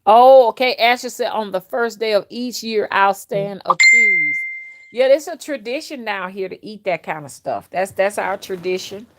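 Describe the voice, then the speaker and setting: A middle-aged woman, chatting and telling childhood stories to a live chat on her phone, outspoken and animated. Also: mid-range voice, normal speed. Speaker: livestream host and rootworker. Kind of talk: casual storytelling to a live chat.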